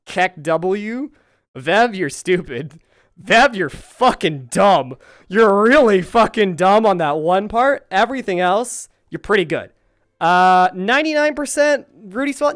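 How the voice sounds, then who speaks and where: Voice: mid-range voice, clean tone, no room sound, clean studio sound. A streamer chatting casually to viewers out of character, rambling and exasperated, swearing heavily. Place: at home, recording in virtual reality.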